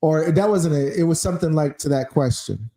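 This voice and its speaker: A man's voice: fairly high pitch, a little fast, reverberant. A man hosting a podcast in casual chat, telling stories with lots of swearing and acting out the quotes himself. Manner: animated storyteller, acts out quotes, swears freely. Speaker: podcast host.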